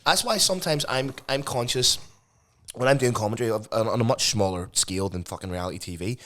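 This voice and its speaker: A man's voice: mid-range voice, fast, a bit bright. A young man co-hosting a casual podcast, rambling with restarts and the odd swear. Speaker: podcast co-host.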